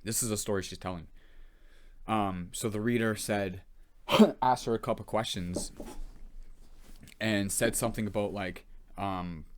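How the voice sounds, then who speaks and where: A man in his thirties with a slightly low voice, telling a story casually. He rambles, restarts his sentences and leans on "like" all the way through. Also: steady tone, unhurried, pauses often. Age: 30s. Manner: rambling, loose, full of "like" and restarts. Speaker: vlogger.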